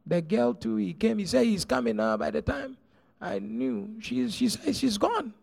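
A middle-aged man, preaching a sermon as pastor, telling stories and swinging from hushed to shouted. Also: sits high, moderate pace, gravelly.

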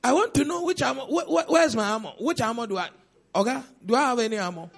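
A man preaching a sermon as pastor, with pointed rhetorical questions and sudden loud outbursts. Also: extremely high pitch, animated, fast, vocal fry, faint music behind.

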